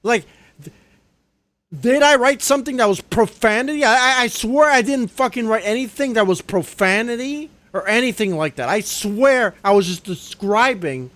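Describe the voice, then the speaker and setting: A young man livestreaming, ranting in anger and swearing a lot, often dropping low and quiet on a trailing "dude". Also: expressive, moderate pace, dry recording. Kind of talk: live stream rant. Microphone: desk microphone.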